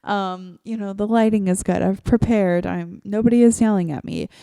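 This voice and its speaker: A chatty woman hosting a solo podcast, her voice mellow and relaxed as she rambles from one thought to the next, full of "like" fillers. The sound is close and dry, spoken straight into a home microphone from her favorite chair. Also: medium pitch, moderate pace, gravelly, clear, resonant tone, no room sound. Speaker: podcast host. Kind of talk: casual solo podcast chat.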